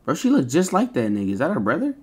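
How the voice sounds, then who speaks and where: A man's voice: a little high, wildly swooping pitch, fast talker, slightly rough. A man livestreaming, chatting casually to his viewers in rambling slang full of swearing.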